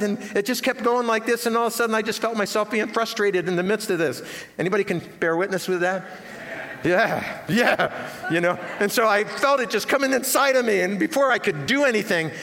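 A man's voice: a little high, fairly bright tone. Older male pastor preaching, echoing hall. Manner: folksy storytelling with self-deprecating asides. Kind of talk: sermon. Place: church sanctuary. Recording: long reverb of a church hall.

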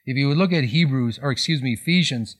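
A man's voice: mid-range voice, fast. A man preaching a sermon in a conversational tone, explaining scripture with frequent restarts and self-corrections. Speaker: pastor.

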